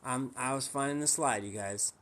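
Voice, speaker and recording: A man's voice: mid-range voice, normal speed, a bit bright, slight background noise. A man hosting a casual livestream, pushy and teasing, firing rhetorical questions at his viewers. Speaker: livestream host.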